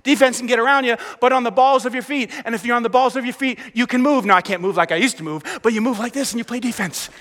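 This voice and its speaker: A middle-aged male pastor preaching an energetic sermon, acting out the prayers and voices he quotes. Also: very high voice, fast talker, few pauses. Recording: long hall reverb.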